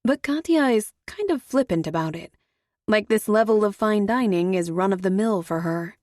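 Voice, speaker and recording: A woman narrating a first-person audiobook thriller in a measured, wry way. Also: medium pitch, lively intonation, a little mellow, no room sound, studio quality.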